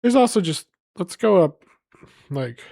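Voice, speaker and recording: A man's voice: high-pitched, expressive, unhurried, vocal fry, darkish tone, no echo, clean studio sound. Rambling man streaming live. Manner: rambling, playful, reading place names aloud to chat. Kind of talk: casual live-stream chat.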